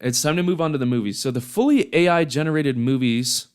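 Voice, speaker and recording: A man's voice: medium pitch, fast talker, clean tone. A young man giving profane, sarcastic comedic reaction commentary on videos. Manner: sarcastic, animated, swears a lot. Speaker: YouTube commentator.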